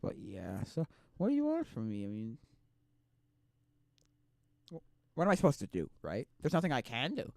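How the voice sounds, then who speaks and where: A young man streaming casual chat, rambling and restarting, swinging between loud outbursts and quiet mumbles. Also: mid-range voice, wildly swooping pitch, normal speed, gravelly, pauses often, dry recording.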